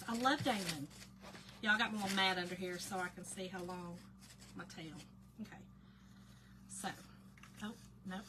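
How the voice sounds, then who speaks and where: A woman hosting a casual live craft demo, greeting viewers by name and muttering to herself while she works. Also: mid-range voice. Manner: chatty, warm greetings to chat viewers, often drops to quiet mutters while concentrating. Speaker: craft livestream host. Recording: noticeable background noise.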